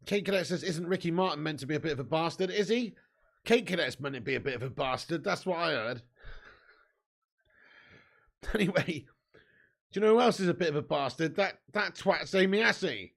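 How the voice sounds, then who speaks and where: A young man hosting a live football watch-along, joking and swearing, breaking into shouts when chances come. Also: a little high, expressive, a little fast, creaky, long pauses. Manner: banter-filled, swearing, jokey, bursts into shouts at chances.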